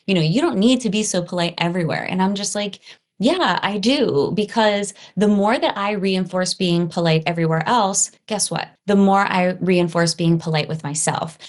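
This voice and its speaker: A middle-aged woman hosts a reflective solo podcast. Her voice sits on the low side for a woman. She talks earnestly and checks in with the listener by adding "right?" and "you know.". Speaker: podcast host.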